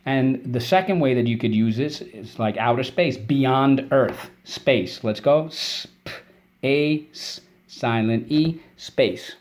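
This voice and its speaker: In this clip a man leads a kids' spelling and vocabulary lesson, patiently explaining words and drilling them call-and-response style with quick bits of praise. His voice sits in the mid range, expressive and slightly mellow.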